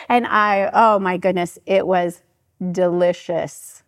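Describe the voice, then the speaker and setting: A middle-aged pastor's wife tells her church a chatty, animated story, acting out what people said in different voices. Her mid-range voice moves at an unhurried pace, and the studio-quality recording has no echo.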